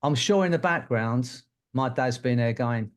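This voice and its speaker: A man's voice: medium pitch, measured pace. An older man and co-host telling a personal story to an audience in a candid, rambling way. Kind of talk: personal anecdote to a live audience.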